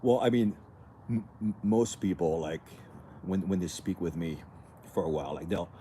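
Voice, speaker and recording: A man from France with a light French accent, chatting casually with viewers in a halting, rambling way, sitting outdoors in the cold after a workout. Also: sits low, mellow, a little hiss or hum. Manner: rambling, halting, many restarts and fillers. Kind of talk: casual livestream chat with viewers.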